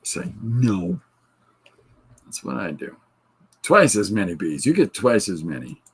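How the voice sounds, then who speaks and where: Middle-aged guy hosting a podcast, lowish husky voice, goofy and laughing at his own bits. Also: huge pitch swings, moderate pace. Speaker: podcast host. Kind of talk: casual chat reading viewer comments.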